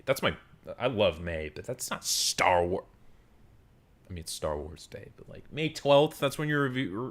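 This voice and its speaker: A man giving a casual film review monologue, ranting and swearing freely with lots of fillers. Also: on the low side. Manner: animated, profane ranting with frequent fillers.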